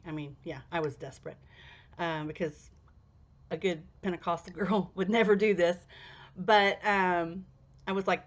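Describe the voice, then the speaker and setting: A young woman telling a personal anecdote in an animated way, laughing and jumping into high squeals when she acts out her past self. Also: moderate pace. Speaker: storyteller. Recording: slightly dull lo-fi recording.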